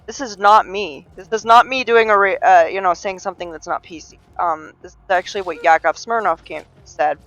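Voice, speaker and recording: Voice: medium pitch, a little fast, few pauses, a bit bright, dry recording, muffled recording. Rambling chatty game streamer. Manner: rambling, chatty, many fillers and restarts, laughs at own jokes. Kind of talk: casual live-stream commentary.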